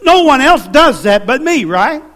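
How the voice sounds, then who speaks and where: In a very high, sing-song voice that's a bit bright, this unhurried Southern preacher tells folksy tales during his sermon. He comes from the American South and keeps the church engaged with call-and-response and requests for amens.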